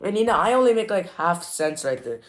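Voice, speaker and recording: A man's voice: high voice, sing-song, a little fast, a bit bright. A young man hosting a reaction video, mocking and exasperated, full of "like" fillers. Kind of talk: sarcastic reaction commentary.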